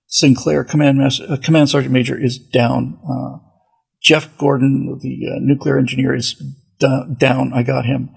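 Very gravelly, raspy man chatting. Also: medium pitch, rough recording. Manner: rambling, with many restarts and asides. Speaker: podcast host. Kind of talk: casual monologue.

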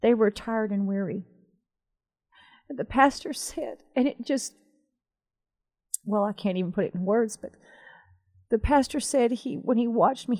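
A woman co-hosting a Christian talk show, telling a story in an animated, emphatic way. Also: on the high side, moderate pace, pauses often. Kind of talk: conversational faith talk.

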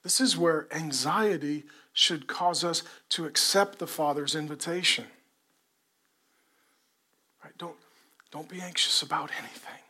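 High bright-voiced preaching man. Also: unhurried, pauses often, husky. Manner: animated preaching, moving from loud to hushed. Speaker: pastor. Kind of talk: sermon. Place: church before a congregation.

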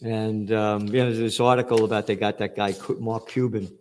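A man's voice: on the low side, little pitch movement, a little fast, a little hiss or hum. Angry, profane male show host. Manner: angry, profane, shouting outbursts. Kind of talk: ranting commentary.

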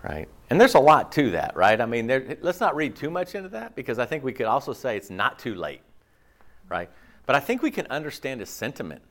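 A man preaching a sermon in an animated, rhetorical way, often checking in with the congregation. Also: mid-range voice, brisk. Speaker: pastor.

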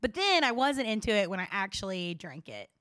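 A woman's voice: mid-range voice, very animated, a little fast, a bit bright, clean tone, no room sound, studio quality. A woman co-hosting a podcast, chatting casually and giggling, with many fillers. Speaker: podcast co-host. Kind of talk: casual chat.

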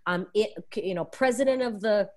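A woman's voice: mid-range voice, moderate pace. A woman interview guest telling a frank, emotional personal story, acting out the voices of the people in it. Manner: emotional, expressive, acts out quoted voices; frank, confessional.

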